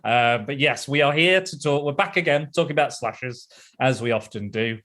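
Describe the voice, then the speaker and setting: A man's voice: medium pitch, normal speed, fairly bright tone. Chatty male podcast host, rambling. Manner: rambling, laughs often, many restarts. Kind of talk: casual podcast chat.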